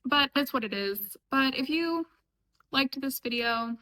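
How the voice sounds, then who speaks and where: A woman's voice: sits high, animated, a little slow, pushed and bright, poor audio. A young woman from upstate New York, chatting casually and sarcastically as she reacts to clips, often laughing. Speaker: reaction vlogger. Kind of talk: casual chat.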